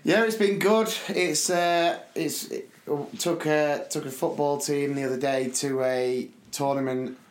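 A man, co-hosting a podcast in casual chat and telling stories with lively, loud bursts. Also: fairly high pitch, measured pace, hardly any pauses. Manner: lively storytelling, loud bursts when acting out his shouting. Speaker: podcast co-host. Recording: roomy echo.

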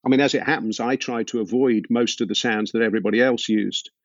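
A man being interviewed as a musician, telling stories thoughtfully with many pauses and fillers. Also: mid-range voice, steady tone, no room sound. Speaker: musician guest. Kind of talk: relaxed interview storytelling. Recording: dull, dry lo-fi sound.

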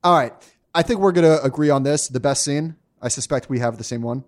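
A man co-hosting a podcast, giving quick reactions in casual, laid-back banter. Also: medium pitch. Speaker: podcast co-host. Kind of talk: casual chat.

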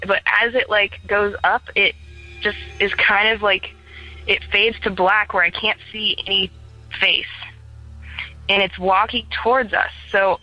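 Here a young female caller recounts a ghost story at a medium pitch, with the top end of the audio trimmed away. She's chatty and relaxed, says "like" constantly, and voices the characters' lines as she tells it.

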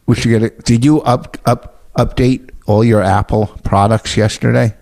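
A man who is a stand-up comedian and podcast host, talking in a rambling, low-key way. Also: fairly even intonation, normal speed, vocal fry, darkish tone. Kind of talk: casual chat.

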